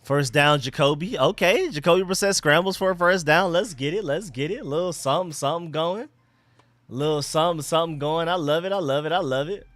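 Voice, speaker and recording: Male streamer, bright tone, dry close sound, excitable casual commentary. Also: a little high, a little fast, no echo. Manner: excited, chatty, talks to chat and his dogs. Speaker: livestream host. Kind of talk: casual live football commentary.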